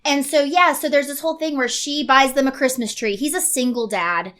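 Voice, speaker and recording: A woman co-hosting a casual movie review podcast, recapping plots quickly with laughing asides. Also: sits high, a bit bright. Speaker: podcast co-host.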